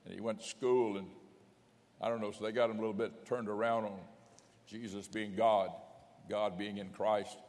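A man's voice: on the low side, level tone, moderate pace, a little mellow. An older man, a bishop, preaching a folksy teaching sermon and reading scripture aloud with rising emphasis. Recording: long hall reverb.

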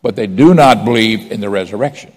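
A long reverb tail follows this pastor's lowish voice as he speaks a little fast. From the pulpit he preaches conversationally, mixing stories with questions to the congregation and requests for a show of hands.

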